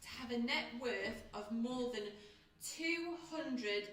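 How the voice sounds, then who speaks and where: A woman's voice: a little high, expressive, slow pace, background noise. A woman, a church pastor, co-hosting an online church chat in a chatty, playful way. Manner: chatty, laughing, playful asides. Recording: echoey room, voice picked up from a distance.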